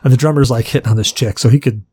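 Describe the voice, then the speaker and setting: A man's voice: medium pitch, steady tone, very fast, mellow, a little hiss or hum. Profane, rambling podcast co-host, man. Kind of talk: casual chat.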